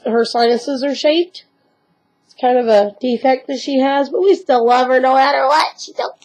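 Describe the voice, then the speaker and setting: High-voiced young woman chatting about her dogs. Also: mellow, low-quality recording. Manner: rambling, breaks into squeaky baby talk to her dogs. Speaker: pet owner vlogger. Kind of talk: casual chat to camera. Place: at home. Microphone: webcam.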